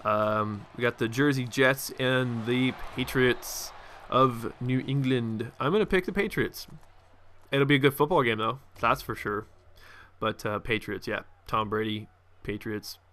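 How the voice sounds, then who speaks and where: A man's voice: mid-range voice, a little slow, a bit bright. A young man casually commenting over his football video game, rambling with fillers and restarts. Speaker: gaming commentator.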